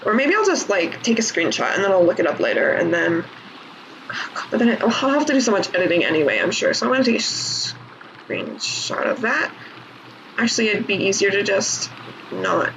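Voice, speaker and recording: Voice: medium pitch, expressive, fast talker, gravelly, slight background noise, poor audio. A vlogger casually explaining language points while playing a game, rambling and correcting themself often. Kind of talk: casual commentary with language teaching. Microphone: desk mic while playing, no camera. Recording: game music loud under voice.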